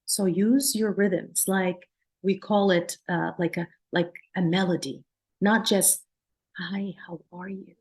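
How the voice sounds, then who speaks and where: Speaking slowly with a fairly low, slightly mellow voice and fairly even intonation, this woman is a psychologist and lecturer teaching a workshop. She comes from Palestine and grew up in Jordan. Her manner is earnest and explanatory, and she demonstrates soothing sing-song tones.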